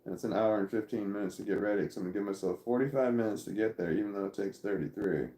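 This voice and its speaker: A middle-aged man chatting casually on a livestream from home, reading viewers' comments aloud and rambling with halting restarts. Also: fairly low pitch, mellow, echoey room.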